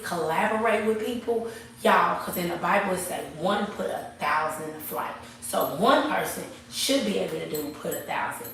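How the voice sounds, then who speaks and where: A woman's voice: fairly low pitch, far from the mic, slight background noise. A woman gives an emphatic, preachy motivational talk on a livestream from her barber shop. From Texas. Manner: preachy and emphatic, repeats phrases. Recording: echoey room, off-mic.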